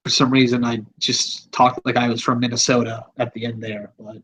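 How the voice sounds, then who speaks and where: A man's voice: medium pitch, level tone, brisk, a bit bright, breathy edge, rough recording. A man hosting a podcast, talking in a rambling, offhand, casual way and swearing freely. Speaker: podcast host.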